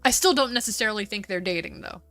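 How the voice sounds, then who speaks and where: A woman's voice: mid-range voice, fairly bright tone, no room sound, faint music behind. A woman with an American Valley Girl accent, chatting casually and swearing while streaming a game. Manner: chatty, swearing, quick asides.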